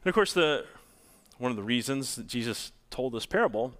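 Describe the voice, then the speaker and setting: A man's voice: medium pitch, lively intonation, a little fast, fairly bright tone. A male pastor preaching a sermon, asking the congregation rhetorical questions.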